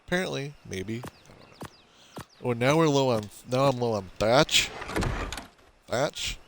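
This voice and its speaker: A man's voice: medium pitch, expressive, measured pace, vocal fry, noisy background. A man rambling through gameplay commentary in a mock-earnest, confessional way, cracking self-mocking jokes. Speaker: gameplay streamer. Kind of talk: rambling let's-play commentary.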